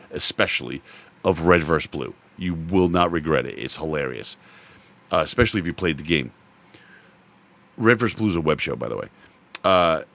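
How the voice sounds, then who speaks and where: Deep-voiced man in casual gaming chat. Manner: animated storytelling, swears casually. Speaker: podcast host.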